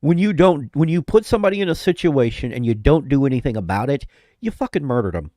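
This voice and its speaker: A man's voice: medium pitch, animated, quick pace, warm tone, dry recording. A man streaming while sick with flu-like symptoms. He chats casually, rambles, interrupts himself and laughs often. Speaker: live streamer. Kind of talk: casual live-stream chat.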